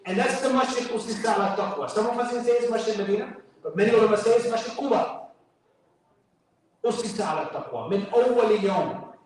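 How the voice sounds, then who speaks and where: A man with a New York accent preaches as a guest speaker at a mosque fundraiser, chatty and joking, quoting Arabic along the way. His high voice is darkish, with lively intonation and fast delivery, captured from afar in an echoey hall.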